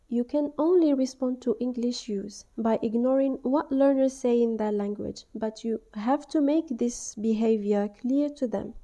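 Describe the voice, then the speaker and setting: Woman teaching, dark mellow voice. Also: fairly high pitch, highs cut off. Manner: clear, deliberate, exaggerates classroom model phrases. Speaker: English teacher trainer. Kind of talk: instructional voice-over.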